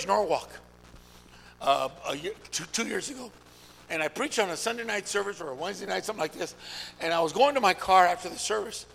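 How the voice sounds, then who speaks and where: High gravelly preacher with hall echo. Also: male voice. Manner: calls out to the congregation, shifts from shouting to hushed. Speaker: pastor. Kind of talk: sermon. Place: large church hall. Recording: long hall reverb.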